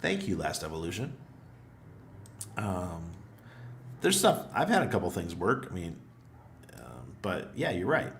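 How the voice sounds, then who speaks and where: A middle-aged man with a hoarse voice, hosting a casual livestream, chatty and laughing often as he greets viewers. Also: low voice, huge pitch swings, measured pace, long pauses, slight background noise. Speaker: livestream host.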